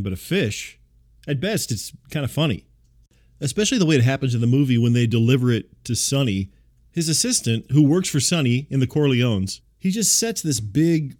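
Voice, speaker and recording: Male radio host, dry deadpan delivery, even middle pitch, calm and reasonable. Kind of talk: comedic radio monologue.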